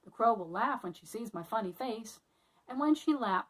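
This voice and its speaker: A woman's voice: on the high side, expressive, normal speed, a bit bright, poor audio. A woman voicing a goofy, hungry warthog. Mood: teasing. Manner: goofy and teasing. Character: hungry, playful male warthog.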